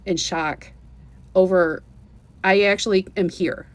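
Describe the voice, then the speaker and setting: A woman's voice: mid-range voice, moderate pace. A woman telling her own travel story in a casual, earnest way, with many restarts and asides. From United States. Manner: earnest and animated, with many restarts and "you know"s.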